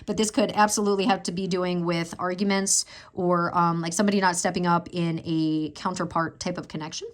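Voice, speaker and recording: A woman's voice: on the low side, steady tone, a little fast, few pauses, slight background noise. Emotional, meandering woman tarot reader. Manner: meandering, emotional, thinking aloud. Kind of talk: casual tarot reading.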